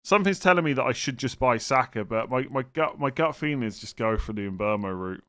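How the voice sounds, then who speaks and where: A man's voice: mid-range voice, animated, a little fast, a bit bright, smooth. A man chatting casually on a live stream, thinking aloud and answering viewers' questions, often hesitant and now and then exasperated. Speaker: fantasy football streamer answering chat.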